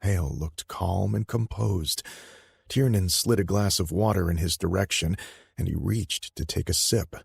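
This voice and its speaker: A man narrating an audiobook in the first person, measured and steady, on a close studio mic. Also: deep voice, gravelly, slightly rough, no room sound.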